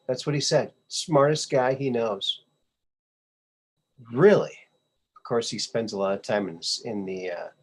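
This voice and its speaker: A man's voice: on the low side, breathy edge. A male podcast host giving casual commentary on memes, sarcastic and scoffing, often repeating his phrases.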